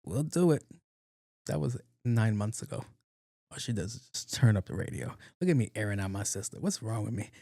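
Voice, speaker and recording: Profane New storyteller, dark dry voice. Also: male voice, fairly low pitch, brisk, creaky, no echo. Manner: profane, animated retelling with acted-out quotes. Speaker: podcast host. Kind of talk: casual solo storytelling.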